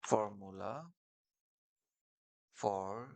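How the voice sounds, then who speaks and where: A man's voice: lowish voice, slow pace, gravelly, long pauses, a bit bright. A man teaching a screen-share coding lesson, explaining step by step with fillers and restarts over keyboard clicks. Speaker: coding tutorial instructor.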